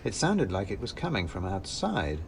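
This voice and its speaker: A man's voice: lowish voice, huge pitch swings, normal speed, gravelly, a little hiss or hum. A man narrating a fantasy story in the first person with wry, dry humor. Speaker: narrator and author-reader.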